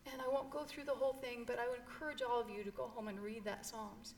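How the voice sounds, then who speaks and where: A woman's voice: fairly high pitch, steady tone, fast, a little hiss or hum. A middle-aged woman telling an emotional personal story in an interview, earnest and heartfelt. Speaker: guest.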